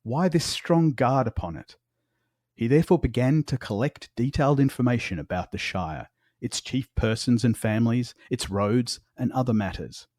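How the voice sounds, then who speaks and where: Australian male podcast co-host, mid-pitched, measured reader, dry close mic. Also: darkish tone, no room sound. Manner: reads book passages in a measured way, chuckles often. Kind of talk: casual book discussion.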